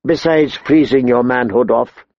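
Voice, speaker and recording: A man's voice: mid-range voice, measured pace, darkish tone, dry recording, natural voice. Wry sardonic dwarf lord, slightly raised voice, read by a man, lo-fi. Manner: dry, wry wit. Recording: dull lo-fi dry recording.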